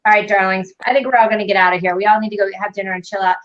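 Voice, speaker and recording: A bubbly, affectionate woman hosts a casual livestream from her home office, tossing out quick asides. Her voice sits mid-height, and the audio has the dull, lo-fi sound of a computer mic on a video call. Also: medium pitch, fairly even intonation, a bit bright. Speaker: host.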